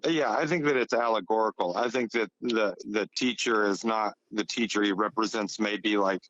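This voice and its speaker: A male guest calling in to a casual podcast, talking in a loose, rambling way. His voice sits a little low, and the line sounds dull and lo-fi. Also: moderate pace, fairly bright tone, slight background noise. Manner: rambling, full of fillers. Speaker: guest caller. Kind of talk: casual chat. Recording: slightly dull lo-fi call.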